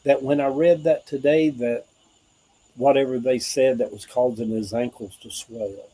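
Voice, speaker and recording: A man's voice: mid-range voice, fairly even intonation, a little slow, warm tone, breathy edge, poor audio. A middle-aged man with a Southern US accent, hosting a livestream and talking earnestly about hope and faith, rambling in a preacher-like way with asides to viewers. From American South. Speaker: livestream host. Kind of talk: informal spiritual livestream talk.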